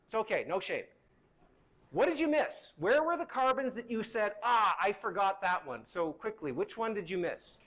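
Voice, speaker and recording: A man's voice: high voice, very animated, normal speed, fairly bright tone, muffled recording. A middle-aged man teaching a university chemistry lecture in a hall, conversational and asking the class questions as he goes.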